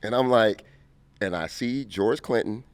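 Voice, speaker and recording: A man in his fifties from Compton, telling stories as an interview guest, animated and quick to laugh. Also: on the low side, no echo. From Compton, California. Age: 50s. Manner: animated, laughing storyteller who acts out scenes. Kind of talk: casual interview storytelling.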